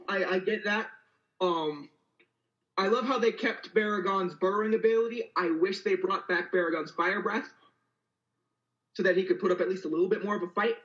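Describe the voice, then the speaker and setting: Casting: high male voice, eager fan, slightly muffled lo-fi mic. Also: fairly bright tone. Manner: enthusiastic fan, quick explanatory run-ons. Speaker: podcast co-host. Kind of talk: casual film discussion.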